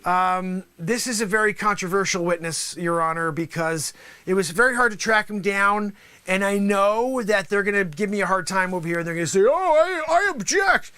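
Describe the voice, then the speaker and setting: A man's voice: sits high, a little fast, sharp tone, clear, resonant tone. A man performing as a trial lawyer in a comedic mock courtroom sketch, theatrical and jokey, sometimes dropping to a whisper.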